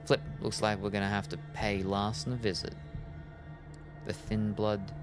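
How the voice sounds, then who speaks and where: A man's voice: fairly low pitch, flat delivery, normal speed, music in the background. A man streaming a story game, giving casual commentary in a rambling, self-mocking way and tripping over his words.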